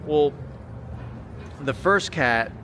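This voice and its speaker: A man's voice: a little high, lively intonation, drawn-out words, sharp tone. An American man livestreaming from a city street at night, chatting casually and reading viewer comments aloud. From United States. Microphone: small handheld camera mic. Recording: outdoor street noise. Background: city street traffic noise.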